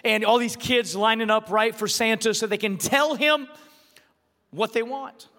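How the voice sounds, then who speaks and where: High bright-voiced preaching pastor, man. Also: measured pace. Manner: preachy, builds to shouted emphasis, drops to low storytelling. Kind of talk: sermon. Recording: long hall reverb.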